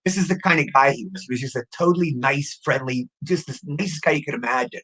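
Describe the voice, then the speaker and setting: A man in his sixties, an actor guest telling rapid, excitable anecdotes in a casual interview, often repeating words as he goes. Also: mid-range voice, breathy edge, poor audio. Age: 60s.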